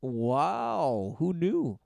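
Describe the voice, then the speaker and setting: A man's voice: on the high side, big pitch swings, very slow, vocal fry, no room sound. A man giving sarcastic commentary over a news clip, mocking what he hears. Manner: mocking, sarcastic, swings between loud outbursts and mutters.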